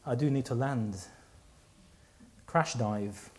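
A man's voice: medium pitch, takes it slowly, a little mellow. A man preaching a sermon, telling a personal story with many restarts and repeats.

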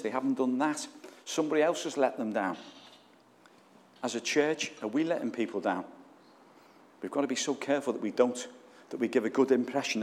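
Earnest preacher in a reverberant church. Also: male voice, mid-range voice. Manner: earnest, emotional, asks the congregation questions. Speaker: pastor. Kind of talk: sermon. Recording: long reverb of a church hall.

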